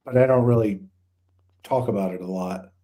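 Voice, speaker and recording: A man's voice: fairly low pitch, normal speed, warm tone. A former hostage negotiator, a man, telling a rambling, vivid story in casual chat with many restarts.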